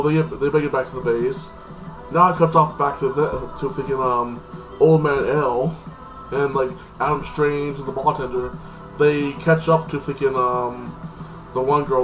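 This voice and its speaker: A man's voice: mid-range voice, fairly even intonation, normal speed, over music, low-quality recording. A man giving a loose, rambling recap of a TV episode, stacking up filler phrases as he goes. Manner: loose, repetitive, heavy on "like this" fillers. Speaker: TV episode reviewer.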